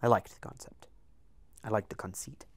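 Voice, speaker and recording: A man reading a science fiction novel aloud as a storyteller, with measured, dramatic emphasis. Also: on the low side, fairly even intonation, husky, no echo.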